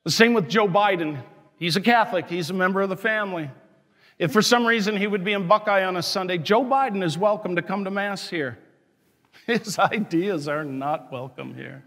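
Male priest, high-pitched, angry emphatic homily, long church echo. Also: a little fast, fairly bright tone. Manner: impassioned, scolding, emphatic preaching. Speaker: Catholic parish priest. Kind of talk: sermon.

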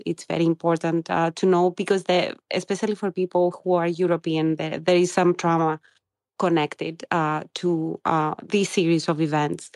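A middle-aged woman from Greece calls in, speaking English. She talks very slowly, stopping often to search for words. Her voice sits a little low and the sound is dry and close. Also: no room sound. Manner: hesitant, many ums and uhs. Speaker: caller. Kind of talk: live audio chat question.

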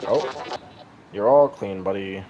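A man's voice: on the low side, slow, highs cut off, noisy background. A man hosting a casual gameplay video, reacting sarcastically and swearing freely. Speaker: gaming channel host. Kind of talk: casual let's-play commentary.

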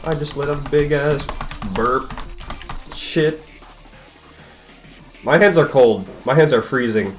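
A young man rambles restlessly through his gameplay commentary, swearing freely as he plays. His voice sits at an ordinary middle pitch. Faint game music plays underneath. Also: takes it slowly, pauses often. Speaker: gaming streamer.

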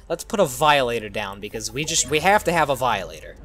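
A man hosting playful gameplay commentary, excitable and goofy, tossing in silly sound effects. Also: mid-range voice, brisk, hardly any pauses, over music. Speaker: gaming channel host.

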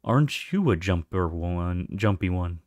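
A mysterious dragon voice, played by a man, dropping a little low and drawing out slow, teasing words. It sounds curious and amused, in a dry storybook reading. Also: animated, darkish tone, no echo.

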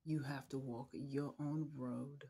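Tearful, slow-speaking middle-aged woman. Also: extremely low pitch, steady tone, creaky, warm tone, breathy edge. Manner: slow, tender, halting, drops to a whisper. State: emotional, holding back tears. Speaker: mother addressing her adult son. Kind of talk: heartfelt personal video message.

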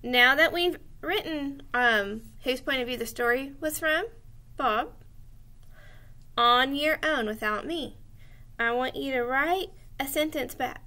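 High-voiced woman teaching young children. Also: sharp tone. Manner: slow, clear and encouraging, spelling out words as she writes. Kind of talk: online class lesson for young children.

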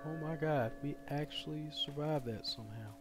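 A man doing live gameplay commentary as a streamer, excitable and swearing as he yells at the game. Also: fairly high pitch, moderate pace, music in the background. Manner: excitable, cursing and yelling at the game. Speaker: gaming streamer.

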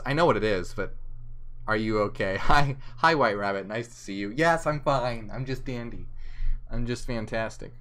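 A man's voice: mid-range voice, pushed and bright. A drunk man hosting a livestream, slurring and giggling as he rambles and reads out viewer comments. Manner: giggly, slurring, easily flustered. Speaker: livestream host. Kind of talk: rambling live chat, reading out viewer comments. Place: indoors, chilly room.

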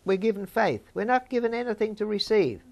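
A woman's voice: medium pitch, expressive, a little fast, gravelly, a little mellow. An older woman, giving informal Bible teaching and chatting with her listeners. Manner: conversational, chats with listeners.

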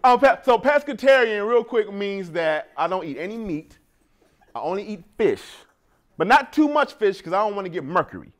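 Thirties male comic with a high, lively voice and animated storytelling that breaks into laughter. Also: moderate pace. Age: 30s. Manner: animated storytelling, laughing at his own jokes. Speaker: stand-up comedian. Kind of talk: stand-up routine.

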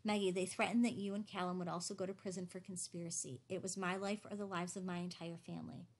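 Brief: woman voicing tense middle-aged dad, low hushed delivery, gravelly edge. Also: flat delivery, fast talker. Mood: grim. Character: grim middle-aged father, tense and guarded.

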